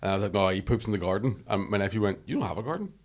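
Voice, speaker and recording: Fast-talking low-voiced man. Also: expressive. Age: late 30s. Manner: fast, swearing, joking. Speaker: podcast guest. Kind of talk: casual chat.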